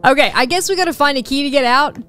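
A woman's voice: high voice, over music. A woman playing a video game with a friend, commenting casually and teasing her partner. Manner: bossy, teasing, quick to laugh. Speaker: co-player.

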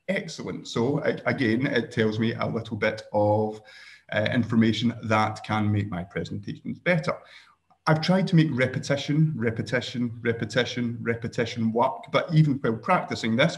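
A man with a Scottish accent giving a relaxed screen-share software tutorial over a video call, with dry joking asides and frequent ums. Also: mid-range voice. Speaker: workshop presenter.

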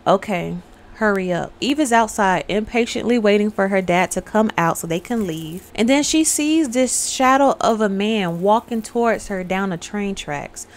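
A woman's voice: medium pitch, moderate pace, hardly any pauses. Chatty woman telling a film story. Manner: chatty storytelling, talks straight to viewers; acts out characters' lines. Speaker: online host recapping a film. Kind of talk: casual spoken movie recap.

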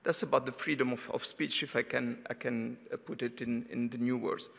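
A man's voice: mid-range voice, steady tone, brisk, gravelly. A man from Tunisia moderating an academic panel, hesitant, with many fillers and restarts. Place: conference hall. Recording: reverberant conference hall.

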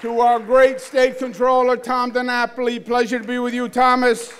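A man in his fifties with a Queens, New York accent, giving a dinner speech as governor in a large banquet hall, joking and measured. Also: extremely high pitch, monotone, a bit bright, a faint crowd, slight background noise. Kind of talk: public address at a dinner.

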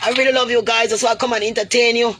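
Very fast and a bit bright, this slightly high female voice keeps fairly even intonation. The Jamaican vlogger addresses viewers as "goody" in an emotional, pleading, preachy monologue to camera, heavy with creole grammar.

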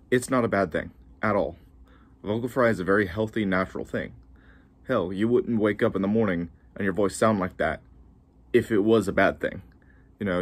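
A man giving a casual vocal lesson, chatty and relaxed with frequent ums, and a gravelly voice that drops into vocal fry. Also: on the low side. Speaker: vocal coach.

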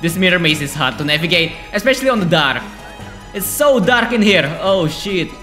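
A man talks through a game in casual, excitable commentary, laughing often and swearing. His voice is bright and his pitch bounces all over, though his pace stays slow. Faint game music sits behind him. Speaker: let's play gamer.

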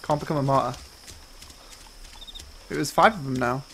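A man's voice: medium pitch, moderate pace, gravelly, fairly bright tone, a little hiss or hum, low-quality recording. A man streaming a game, chattering nervously and jokingly while pleading with his captors over a headset mic. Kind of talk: live game stream chat.

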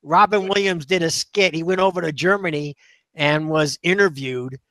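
Podcast guest, male, relaxed anecdote teller, slightly high voice, dry close mic. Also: normal speed, dry recording. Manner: easygoing anecdotal storyteller. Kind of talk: casual chat.

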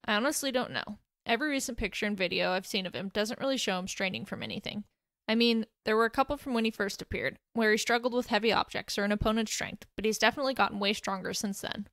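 A woman's voice: medium pitch, quick pace, fairly bright tone, no room sound, studio quality, lightly acted. A woman voicing a bubbly, chipper teenage girl hero who likes to tease. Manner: chipper and teasing.

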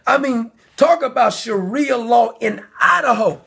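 High-pitched gravelly man ranting. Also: lively intonation, unhurried. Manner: heated, indignant, often shouting. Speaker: commentary channel host. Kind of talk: angry ranting commentary.

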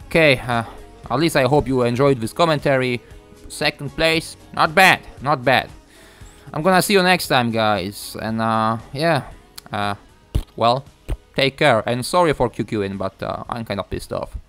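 A young man giving a ranting gameplay commentary, frustrated and swearing, halting with many fillers. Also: mid-range voice, fairly bright tone, soft background music. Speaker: gaming YouTuber.

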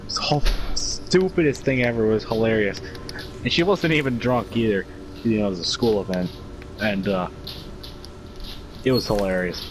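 A man's voice: lowish voice, normal speed, long pauses, a crowd in the background, rough recording. A young man, co-hosting a casual podcast, rambling through his own stories with many fillers. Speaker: podcast co-host. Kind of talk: casual storytelling chat.

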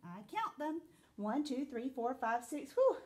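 A woman voicing a fast-talking, self-pleased male squirrel in a storybook, with rapid chirpy chatter. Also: high-pitched, sing-song, darkish tone.

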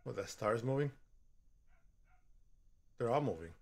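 Animated gaming host, yelping and excitable. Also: male voice, medium pitch, a little slow, vocal fry, husky. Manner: excitable, yelps and shouts when startled. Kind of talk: horror game commentary.

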